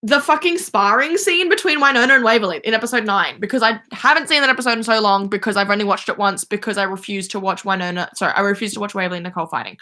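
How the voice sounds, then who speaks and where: Young woman livestream host, bright voice, excitable fan rambling. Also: mid-range voice. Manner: chatty, gushing, many fillers and restarts. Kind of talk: casual fan chat. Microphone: phone or webcam.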